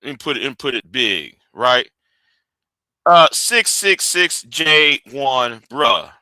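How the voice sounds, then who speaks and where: A man's voice: medium pitch, sing-song, slow, sharp tone, no room sound. A man hosting a live stream, ranting and arguing, often stumbling and repeating his words as he restarts sentences.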